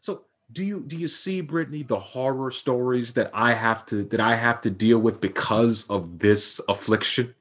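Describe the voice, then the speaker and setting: A man's voice: mid-range voice, moderate pace, hardly any pauses. A man co-hosting a podcast, ranting in casual banter with mock outrage. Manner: animated, mock-outraged ranting about collecting. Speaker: podcast co-host.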